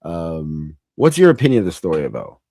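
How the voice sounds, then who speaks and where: A man's voice: low-pitched, very animated, brisk, dark tone, no echo, studio quality. A man hosting a casual chat about films, rambling, often laughing, trailing off and restarting. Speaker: host.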